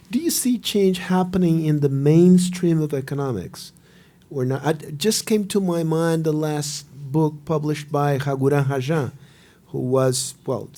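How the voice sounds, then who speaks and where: A man with a Brazilian accent moderates a debate in a slightly higher voice. He asks his questions haltingly, with restarts, as he searches for words. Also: dark tone.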